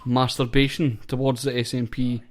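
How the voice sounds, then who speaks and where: A man's voice: medium pitch, level tone, moderate pace. A young Scottish man with a mid-range voice chats casually on a podcast. He is laid-back and agreeable, and backs up his co-host with frequent ayes. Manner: laid-back, agreeable, says "aye" often. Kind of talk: casual chat.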